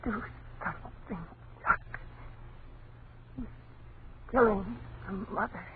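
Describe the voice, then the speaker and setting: Brief: actress as a tense, scared mother in an old radio horror play, tinny broadcast with steady hiss. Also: medium pitch, slow pace, close to an everyday voice. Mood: frightened. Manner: tense, anxious. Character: frightened mother watching ghostly scene. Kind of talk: 1940s radio acting.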